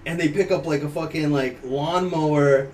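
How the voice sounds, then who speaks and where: A man from Ukraine, a native Ukrainian speaker, telling a story as a podcast guest in an animated, profane way, laughing often. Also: fairly high pitch, normal speed. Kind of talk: casual storytelling. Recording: distant mic, faint background noise.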